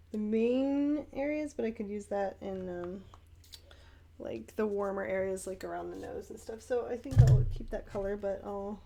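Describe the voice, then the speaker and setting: A woman's voice: mid-range voice, gravelly. A young woman chatting casually while she paints, rambling with fillers and little laughs. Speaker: painting vlogger and art teacher. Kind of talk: casual paint-along chat.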